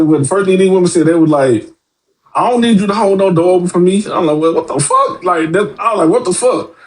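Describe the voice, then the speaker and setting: A man with a fairly high voice, a guest on a podcast, talks bluntly and with plenty of swearing in casual chat. He tells his stories with energy and acts out the other people's voices. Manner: blunt, profane, animated storytelling.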